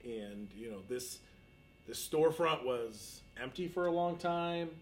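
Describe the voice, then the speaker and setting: A man co-hosting a casual podcast about running his café, talking in a relaxed, upbeat way with plenty of fillers. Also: mid-range voice, unhurried, low-quality recording. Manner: relaxed, upbeat, thinks aloud with many fillers. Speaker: podcast co-host, café owner. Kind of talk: casual chat. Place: their café storefront.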